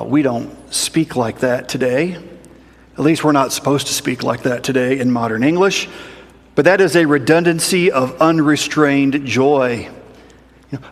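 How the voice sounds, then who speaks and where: A man preaching a sermon in a measured, explanatory way with rhetorical asides. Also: a little high, big-room sound. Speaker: pastor.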